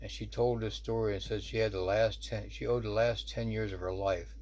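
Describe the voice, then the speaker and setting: Brief: male shaman storyteller, low voice, gravelly, loose chatty delivery. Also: fairly even intonation, brisk, a little mellow. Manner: rambling, conversational, many "you know" asides. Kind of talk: casual spoken storytelling.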